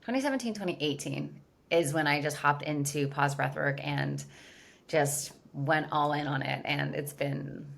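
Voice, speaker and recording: A woman's voice: deep voice, moderate pace, gravelly. A woman guest in a casual podcast interview, telling her story candidly and animatedly with lots of "like" fillers. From California, USA. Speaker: guest, business founder.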